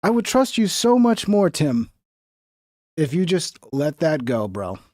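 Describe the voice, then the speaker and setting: A man with a high voice talks to his livestream viewers as he reacts to clips. He mocks the people in them and swears freely. His pitch swings widely, and the close mic leaves little room sound. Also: measured pace, no room sound. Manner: animated, mocking, swears freely. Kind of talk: casual profane reaction commentary.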